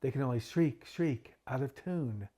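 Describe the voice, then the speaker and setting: Male host for a poetry reading, mid-pitched, dramatic delivery that swells on the refrains. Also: animated, measured pace. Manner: builds volume and pitch on repeated refrains, drops low and soft for asides. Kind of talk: dramatic poetry reading with chatty intro and outro.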